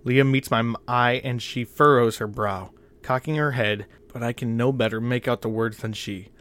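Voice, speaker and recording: A man narrating a first-person horror story in a measured, tense, often quiet way. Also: medium pitch, steady tone.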